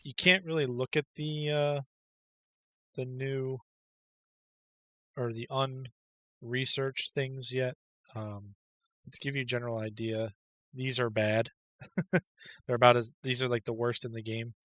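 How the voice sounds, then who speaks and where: A man's voice: mid-range voice, fairly even intonation, unhurried, pauses often, a bit bright, no echo. A man giving a casual, rambling video game tutorial voice-over, full of ums and uhs. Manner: rambling, filler-heavy, with many ums and uhs. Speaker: game guide creator.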